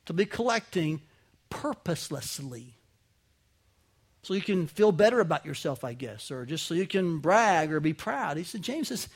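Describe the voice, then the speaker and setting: A male pastor with a notably high voice delivers an emphatic sermon. He surges to loud, forceful peaks, then drops to quiet asides, and keeps throwing rhetorical questions at the congregation. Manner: emphatic preaching, rising to loud peaks and dropping low.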